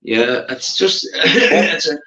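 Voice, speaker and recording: Belfast man, casual stream chat, bright forceful voice, rambling and sweary, roomy dull lo-fi audio. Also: fairly high pitch, big pitch swings, slow pace. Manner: rambling, sweary, laughs often.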